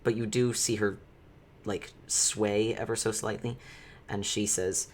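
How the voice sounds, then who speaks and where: A man narrating as game master of a tabletop role-playing game, deliberate and relaxed with small hesitations. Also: lowish voice, slight background noise.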